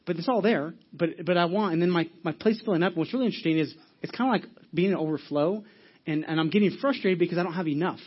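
A man preaching a sermon at a fast clip, voice a little higher than most. He tells his story with frequent restarts and quick acted asides. The audio is dull and lo-fi. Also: husky. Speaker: pastor.

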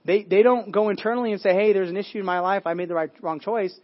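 A man's voice: high voice, steady tone, quick pace, highs cut off. A man preaching a sermon as pastor, telling a story in a conversational way with frequent restarts and repeated words.

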